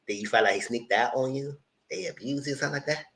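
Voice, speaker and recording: A man's voice: mid-range voice, quick pace, creaky, poor audio. A man giving a casual, opinionated live recap of a reality show episode. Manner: animated, opinionated, talks straight to people. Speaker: TV show reviewer.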